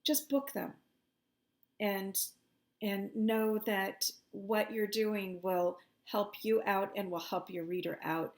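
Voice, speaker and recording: A woman psychic medium chatting casually to her viewers, animated and often laughing, her pitch jumping up when she gets indignant. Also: slow pace.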